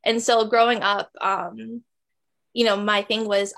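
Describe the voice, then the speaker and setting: A woman's voice: mid-range voice, level tone, a little slow, gravelly, fairly bright tone. Earnest young woman from West Virginia. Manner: earnest, reflective, frequent fillers. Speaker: journalist guest. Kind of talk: conversational interview.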